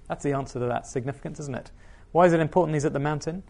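A man's voice: fairly high pitch, very fast, gravelly, hardly any pauses, dark tone. A man preaching a sermon, reading scripture aloud and asking the listeners questions.

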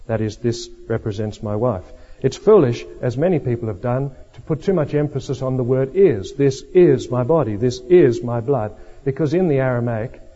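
A man preaching a sermon, teaching in a measured way with dry asides. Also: medium pitch, mellow, breathy edge. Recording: lo-fi hall recording.

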